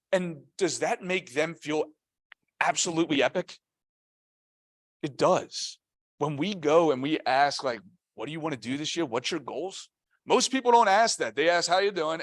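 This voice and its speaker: A man giving a motivational training talk at a team meeting, energetic and punchy, often quizzing his listeners. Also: on the high side, no echo. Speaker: real estate team trainer.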